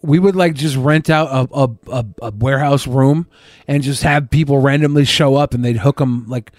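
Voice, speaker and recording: A man's voice: medium pitch, fairly even intonation, normal speed, darkish tone, no echo. A man co-hosting a podcast in casual chat, telling stories and dropping dry, joking asides. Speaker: podcast co-host.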